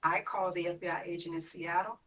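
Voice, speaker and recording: A woman's voice: on the low side, steady tone, fast talker, fairly bright tone, far from the mic, a little hiss or hum, rough recording. A woman guest telling her own story, vividly playing out the voices in it. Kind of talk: personal storytelling.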